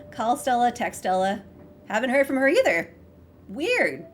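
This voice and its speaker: A woman giving casual, excitable commentary while playing a story game, reading on-screen text aloud. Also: fairly high pitch, unhurried, slight background noise. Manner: bubbly and excitable, gushes over characters; switches to a hushed voice to read game text. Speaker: let's play gamer.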